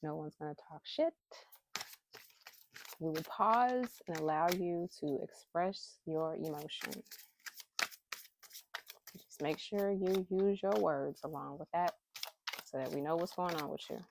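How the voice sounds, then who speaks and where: A woman's voice: deep voice, a little slow, gravelly, long pauses, background noise. A woman talking casually to her camera about faith and emotions, heartfelt and candid, with bursts of emphatic pleading. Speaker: spiritual vlogger drawing inspiration cards. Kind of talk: casual spiritual talk to camera. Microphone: phone camera held close.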